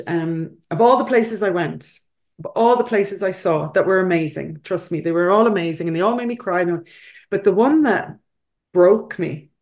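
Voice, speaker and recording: A woman's voice: on the low side, a little mellow. Earnest woman pastor, heartfelt. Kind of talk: faith talk show conversation.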